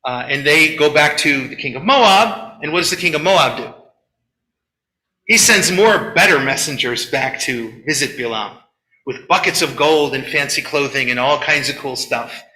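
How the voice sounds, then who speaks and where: Male rabbi giving a sermon, bright and tense tone, roomy echo. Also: a little high, normal speed. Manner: animated storyteller, acts out quotes, chatty asides. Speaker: rabbi leading a Shabbat service. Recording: echoey room.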